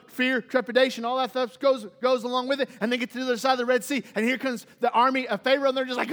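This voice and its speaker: Pastor guy preaching, really high voice, lively, acts out bits of the story, long church echo. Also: very fast, few pauses. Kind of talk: sermon. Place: church sanctuary.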